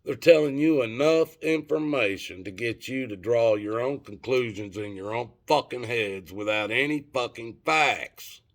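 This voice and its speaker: A man's voice: medium pitch, measured pace, few pauses. A middle-aged man telling a story and ranting to his viewers in a rambling, profane, casual way. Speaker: vlogger.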